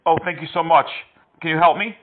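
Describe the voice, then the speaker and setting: A man's voice: on the high side, steady tone, fairly quick. A man making prank phone calls, talking in a mocking, teasing, playful way. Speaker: prank caller. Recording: tinny phone line.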